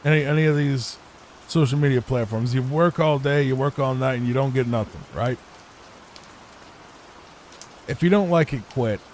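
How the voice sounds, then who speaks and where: Give me a man casually rambling through improvised sleep commentary, with a soft patter of rain in the background. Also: mid-range voice, a little hiss or hum. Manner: improvised, rambling, repeats himself. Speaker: gaming YouTuber. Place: home room at a computer. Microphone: desk microphone.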